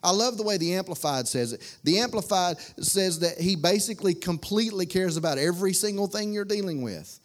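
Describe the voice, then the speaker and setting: A man's voice: high-pitched, lively intonation, brisk, few pauses, slight background noise. A male pastor, preaching a sermon in a folksy, conversational way with lots of repetition.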